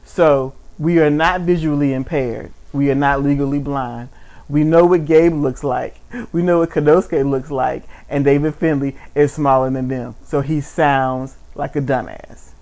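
A man's voice: a little high, fairly even intonation, measured pace, a little mellow. A man co-hosting a casual wrestling chat, blunt and mocking, with frequent swearing. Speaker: podcast co-host.

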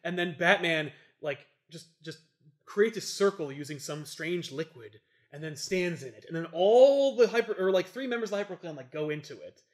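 Young man, slightly high voice, casual rambling recap, lots of fillers. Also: animated, moderate pace. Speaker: podcast host retelling a comic. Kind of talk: casual chat.

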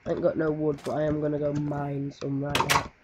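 A woman's voice: sits low, completely flat delivery, brisk. A woman, giving rambling, swear-heavy casual commentary while playing a game. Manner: rambling, swears often, sings to herself. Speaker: gaming video creator. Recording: muffled noisy home mic.

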